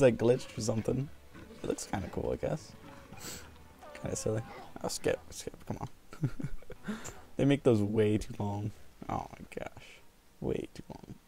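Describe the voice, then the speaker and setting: A man casually commenting while playing a video game, sick with a cold, chatty, often laughing and quickly getting frustrated. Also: on the low side, gravelly, mellow. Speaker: gameplay video host. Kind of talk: casual let's play commentary.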